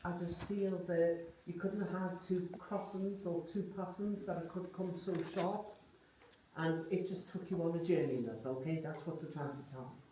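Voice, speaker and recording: A female medium with a lowish, mellow voice speaks at a moderate pace and keeps her intonation fairly even. She passes along messages to a sitter in a chatty live reading, peppered with tag questions. The audio is distant and echoey, with faint noise.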